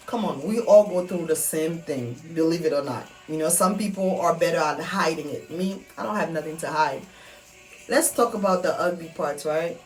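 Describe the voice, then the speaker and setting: Earnest woman with soft music behind. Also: lowish voice. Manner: earnest, repetitive, heartfelt. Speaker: vlogger. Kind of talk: personal motivational monologue. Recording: soft music underneath, mic at a distance.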